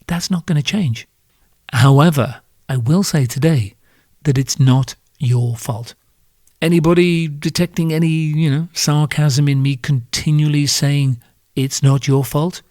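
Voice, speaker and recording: A man's voice: on the high side, unhurried, a little mellow, no room sound, studio quality. A British man hosting a solo podcast, ranting in a sardonic, crude and profane way. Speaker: podcast host.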